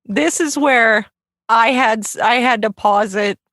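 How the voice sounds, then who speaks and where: A woman's voice: on the high side, unhurried, dry recording, studio quality. A woman guest cohost on a podcast, chatting animatedly and laughing often. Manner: animated, laughs often, puts on silly voices. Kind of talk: casual podcast chat.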